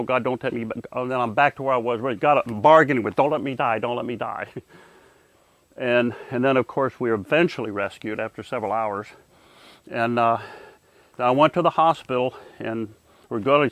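An older man, a Vietnam veteran, telling his near-death experience in an earnest, halting way with many restarts. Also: medium pitch, fairly bright tone, dry recording. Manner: earnest, halting, frequent repeated starts. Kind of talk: personal testimony.

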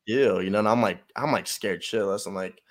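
Young male athlete guest, lowish voice, loose and rambling, filler-heavy, swears freely. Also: fairly even intonation, a little fast. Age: young adult. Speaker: college football player guest. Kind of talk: casual storytelling.

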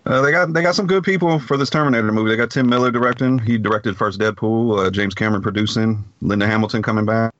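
A man's voice: fairly low pitch, fast talker, few pauses, fairly bright tone, dry recording, dull audio. A man hosting a podcast, reading film news in short bursts and chatting casually. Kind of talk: casual chat.

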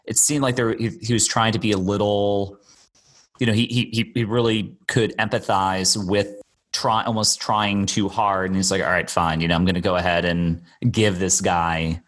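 Rambling low-voiced man chatting about films. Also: little pitch movement, normal speed, fairly bright tone. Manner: rambling, hesitant, many fillers and restarts. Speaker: podcast co-host. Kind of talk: casual film-discussion chat.

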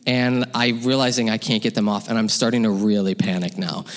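A man telling a personal story live on stage, lively and laughing, acting out the voices of his parents. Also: on the low side, fairly quick. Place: hall with audience. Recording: long hall reverb.

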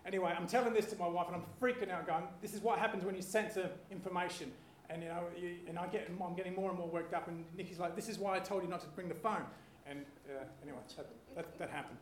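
A man's voice: high voice, fairly even intonation, quick pace, few pauses. A man in his forties telling a rambling, self-deprecating story as a panellist, apologizing as he goes. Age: 40s. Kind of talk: rambling comedic anecdote. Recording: echoey room with faint hiss.

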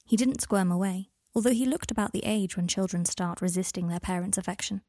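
A woman reading a story aloud in a calm, even storytelling manner. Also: mid-range voice, a little fast, dry recording, studio quality. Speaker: audiobook reader. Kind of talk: scripted narration.

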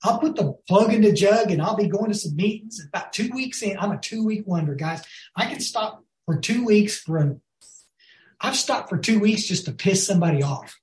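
Animated and high-pitched, a man speaks at normal speed while giving a recovery talk to a group. He tells folksy stories, says "y'all," and frequently asks whether listeners follow. There's a roomy echo.

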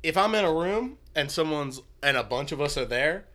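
A man's voice: a little high, animated, normal speed, a bit bright. A young man in casual podcast chat, rambling through stories and swearing freely.

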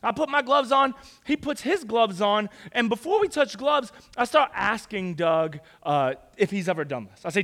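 A young man telling a story to a crowd in a lively, casual, conversational way. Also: very high voice, moderate pace, few pauses. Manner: animated, conversational, casual slang. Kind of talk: storytelling talk.

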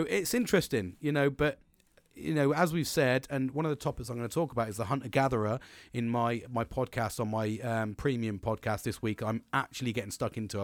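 Energetic swearing podcast host. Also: male voice, medium pitch, no echo. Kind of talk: solo motivational podcast monologue.

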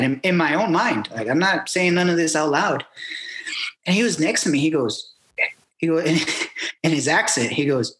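A man in his thirties recalls his military years and what came after. His voice sits fairly high, and it carries a roomy echo. He stumbles and repeats words, and he acts out the people he quotes. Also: brisk, fairly bright tone. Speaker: military veteran guest. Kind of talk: candid personal storytelling.

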